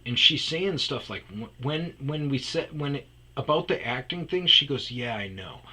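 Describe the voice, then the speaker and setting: A man's voice: a little high, animated, normal speed, pushed and bright, husky, rough recording. A man hosting a podcast, rambling through a personal story and trailing off into mumbles. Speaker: podcast host.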